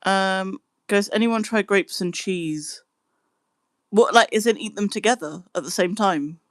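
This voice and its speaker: A young woman chatting casually on a live stream, answering her chat in a relaxed way. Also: mid-range voice, a little slow, dry recording. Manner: chatty, giggly, breaks into laughing fits.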